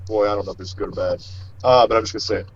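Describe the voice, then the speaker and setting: A middle-aged wrestler, interviewed as a guest, talks casually in a rather low, steady, husky voice at a rapid-fire pace. He rambles through his stories, often correcting himself and restarting sentences. The lo-fi audio sounds slightly dull, with no room sound.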